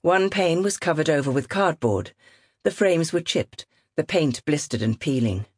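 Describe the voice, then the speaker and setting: Expressive woman narrating an audiobook. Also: low-pitched, breathy edge, no room sound, clean studio sound. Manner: measured and expressive. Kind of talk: scripted narration.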